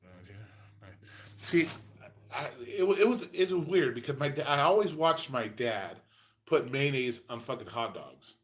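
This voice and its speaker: A man's voice: medium pitch, animated, normal speed. Profane rambling man in his forties. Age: 40s. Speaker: host. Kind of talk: casual livestream chat.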